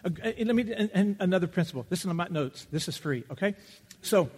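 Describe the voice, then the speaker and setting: A man preaches from Texas in a high-pitched voice with a breathy edge, keeping a quick pace. As a pastor, he tells stories conversationally and brings the quotes to life with animated delivery, all in the long reverb of a large hall.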